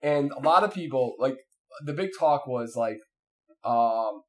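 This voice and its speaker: A man's voice: medium pitch, measured pace. A man in casual chat, telling a long story with lots of fillers and restarts. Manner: rambling, animated, many fillers and restarts.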